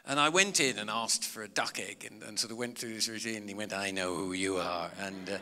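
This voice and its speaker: A man's voice: lowish voice, fast, sharp tone. A man, a comedian and author, telling chatty, self-mocking anecdotes to a live audience. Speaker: comedian and author giving a talk. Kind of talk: storytelling talk to a live audience. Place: large public hall. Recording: long hall reverb.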